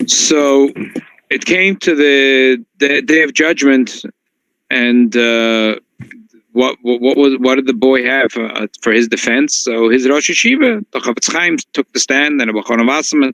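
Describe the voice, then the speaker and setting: A man who is a rabbi, telling a story in a class. He talks in an animated way, often restarting his sentences and slipping in Yiddish and Hebrew phrases. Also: medium pitch, measured pace, no room sound, low-quality recording.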